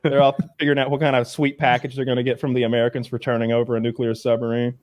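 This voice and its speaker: A man's voice: medium pitch, little pitch movement, very fast, dry recording. A man co-hosting a podcast, telling a rambling story in casual chat. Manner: rambling storyteller, puts on mocking voices. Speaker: podcast co-host.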